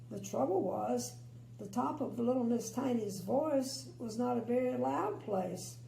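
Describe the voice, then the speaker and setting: An older grandmother reads a bedtime story slowly and expressively, with chatty asides. Her voice is mellow and a little gravelly, with a lively melody. The room sounds echoey, with a faint hum. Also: on the high side.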